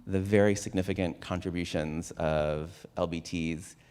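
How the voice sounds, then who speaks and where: A man's voice: deep voice, steady tone, normal speed, darkish tone, clear, resonant tone. A man retelling a story at a Shabbat service, in a casual conversational way. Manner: casual, with frequent "like" and restarts. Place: synagogue sanctuary.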